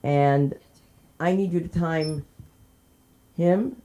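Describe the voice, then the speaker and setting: A woman from New Jersey hosting an open mic night, doing stand-up bits between introductions, laughing often and shouting during stories. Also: low voice, extremely slow. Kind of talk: stand-up comedy and emceeing.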